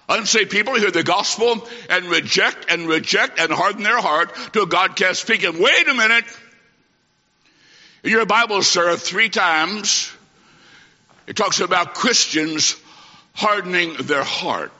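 A high-pitched male preacher with a very bright, forceful voice delivers a fiery sermon. He swings between shouted declarations and quiet asides. The recording is dull and lo-fi, with a long reverb from a large hall. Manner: emphatic, swings from loud to hushed.

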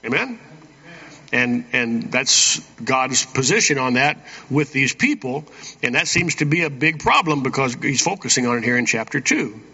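A man's mid-range voice, animated and at normal speed, with vocal fry, a sharp tone, and slight roughness, carries a church sermon. The pastor reads verses and adds frequent folksy "Amen?" asides between points. The recording has the dull reverb of a church hall.

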